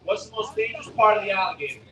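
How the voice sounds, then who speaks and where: Young male gator-show presenter, high tenor, cracking jokes at a crowd; distant echoey outdoor capture. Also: animated, rapid-fire, fairly bright tone, slight background noise. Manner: joking, quizzing and teasing the audience. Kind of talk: live animal show talk to a crowd. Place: outdoor alligator show arena at a theme park.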